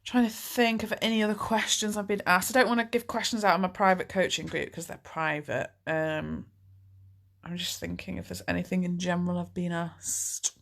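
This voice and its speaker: A woman's voice: lowish voice, steady tone, moderate pace, creaky, a bit bright. A woman, a life coach answering viewer questions in a candid, chatty, reassuring live Q&A. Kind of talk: live Q&A chat.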